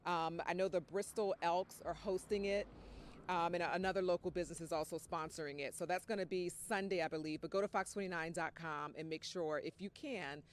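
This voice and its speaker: A woman's voice: on the low side, steady tone, fairly quick, slight background noise. A woman field reporter giving a live TV news report from outdoors on location, chatty and casual. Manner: chatty, casual, warm-hearted.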